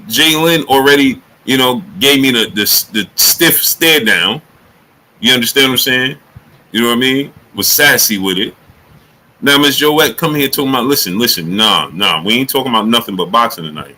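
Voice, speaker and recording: A bright, forceful man's voice, chatting loosely about boxing on a livestream. He calls out viewers by name and often leaps up high in excitement. A faint hiss sits under the recording. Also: normal speed, poor audio. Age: adult. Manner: animated, rising to high excited exclamations when joking. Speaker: livestream host. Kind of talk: casual boxing talk livestream, greeting chat.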